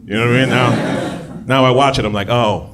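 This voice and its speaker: A man's voice: medium pitch, steady tone, brisk, noisy background. A man performing a stand-up comedy set on a club stage into a handheld mic, chatty and laughing at his own jokes. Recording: live club with audience crowd.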